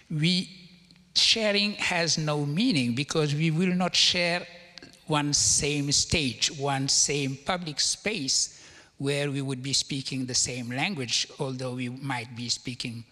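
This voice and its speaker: Man from Africa, lecturing, measured, bright voice, hall echo. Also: on the high side. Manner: measured, lecturing, stresses key words. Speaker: panel guest, philosopher. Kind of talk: panel discussion.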